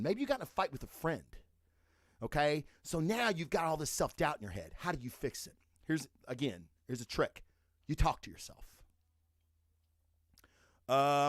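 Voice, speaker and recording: A man's voice: on the high side, no echo, studio quality. A man hosting a podcast who delivers a profane, emphatic motivational rant and keeps checking in with "okay?" after his points. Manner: asks "okay?" and "all right?" after points. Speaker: podcast host.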